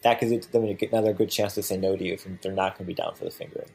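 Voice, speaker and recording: A man with a husky, low-pitched voice who talks quickly. He co-hosts a casual, frank chat and keeps things laid-back and self-deprecating, with plenty of fillers. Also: fairly even intonation, darkish tone. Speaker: podcast co-host.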